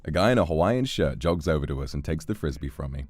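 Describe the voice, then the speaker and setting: A man's voice: extremely low pitch, animated, fast, a little mellow, no echo, faint music behind. A man streaming a game, reading its text aloud and joking in casual commentary. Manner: playful, reads game text aloud and jokes.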